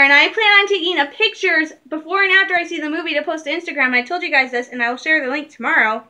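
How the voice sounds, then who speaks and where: A young woman from Michigan chatting casually in a vlog, excitable and rambling, laughing often. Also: high voice, brisk, hardly any pauses. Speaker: vlogger. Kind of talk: casual chat.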